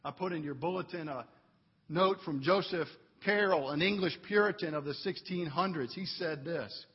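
A man with a high, husky voice preaches in a church sanctuary, earnest and unhurried. His delivery swells into fervent emphasis at key points. The recording is dull and carries a long hall reverb. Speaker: pastor. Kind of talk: sermon.

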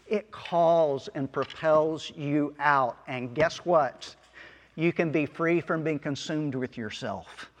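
A man preaching a sermon as pastor of a small church, speaking earnestly with soft asides and chuckles. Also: fairly high pitch, in a large hall.

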